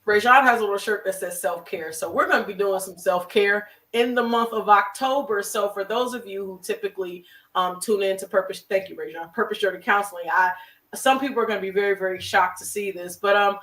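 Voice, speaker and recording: A therapist hosts a live web show over a video call, closing with warm, effusive, emotional and faith-filled encouragement. Their mid-range voice is fairly quick, pushed and bright, but the audio is poor, far from the mic in an echoey room.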